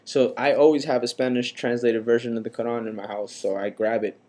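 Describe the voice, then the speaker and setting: A young man in his twenties from the United States, casually telling a personal story to his vlog audience in a relaxed, rambling way, with many fillers. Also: medium pitch, fairly quick. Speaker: vlogger.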